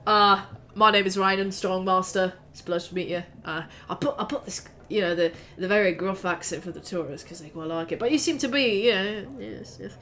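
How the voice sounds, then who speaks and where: A man voicing a gruff dwarf shopkeeper who is a shameless salesman, dropping into plain casual chatter. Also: sits high, brisk, few pauses, pushed and bright, a little hiss or hum. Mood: chatty. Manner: drops the put-on accent for casual chatter.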